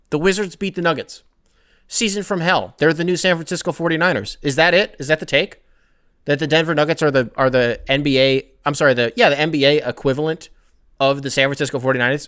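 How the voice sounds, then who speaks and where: A man's voice: on the high side, a bit bright. A young man hosting a sports podcast, ranting casually with profanity, rambling asides and self-corrections.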